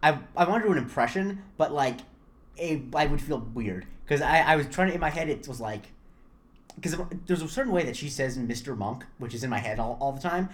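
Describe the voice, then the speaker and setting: A man's voice: mid-range voice, fairly quick. Young male podcast co-host from Florida, casual rambling storyteller, mid-range voice. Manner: rambling, self-interrupting, animated storytelling. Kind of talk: casual chat.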